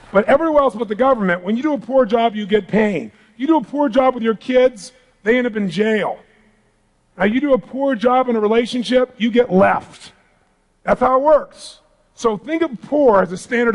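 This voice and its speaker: A middle-aged man giving an animated motivational seminar talk to a live audience in a large hall, calling for responses. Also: sits high, creaky. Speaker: motivational speaker.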